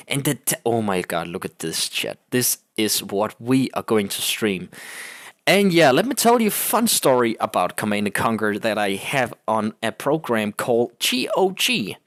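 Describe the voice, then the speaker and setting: A man's voice: medium pitch, a bit bright, no room sound, clean studio sound. A young man with a Danish accent rambles through casual gaming commentary, laughing often and swearing freely. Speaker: gaming channel host.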